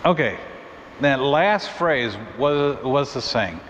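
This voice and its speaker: A man teaching a church Bible class in a conversational way, thinking aloud with restarts and quick asides. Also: mid-range voice, expressive. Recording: muffled recording in a reverberant room with faint noise.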